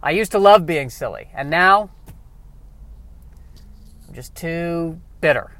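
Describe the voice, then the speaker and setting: A man riffing through a rambling comedic monologue, self-mocking, dropping quiet and then bursting louder. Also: fairly high pitch, animated, takes it slowly.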